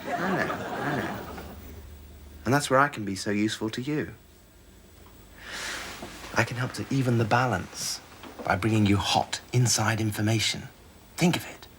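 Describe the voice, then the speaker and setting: An actor playing a scheming, arrogant right-wing Tory MP, sneering and theatrical in a sitcom. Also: male voice, on the low side, moderate pace, long pauses, crowd noise, noisy background, lightly acted. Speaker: politician. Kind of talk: sitcom acting.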